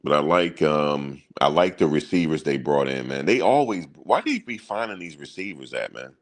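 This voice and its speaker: A man with an extremely low, deep voice hosts a sports channel. He talks in loose, casual banter full of slang and chuckles at his own stories. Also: animated, normal speed.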